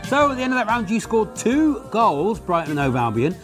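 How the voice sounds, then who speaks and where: A man's voice: sits high, sing-song, a little fast, music in the background. A man hosting a sports comedy panel show, playfully announcing questions and scores like a quiz master.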